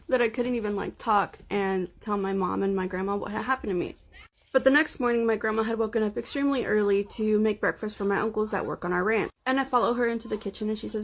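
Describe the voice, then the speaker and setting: A woman's voice: mid-range voice, fairly quick. A woman in her twenties telling a creepy personal story to her phone camera, in a blunt, wry, profane way. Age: 20s.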